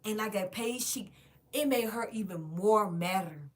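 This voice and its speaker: A woman vlogger telling a casual storytime monologue straight to her viewers, animated and emphatic, with plenty of swearing. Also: medium pitch, a little slow. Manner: directly addresses viewers.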